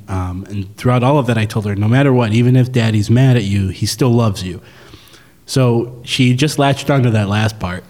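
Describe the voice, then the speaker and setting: A man co-hosting a casual podcast chat, talking in a relaxed way with many pauses and fillers. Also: fairly low pitch, long reverb tail. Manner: relaxed, hesitant with frequent fillers. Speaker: podcast co-host.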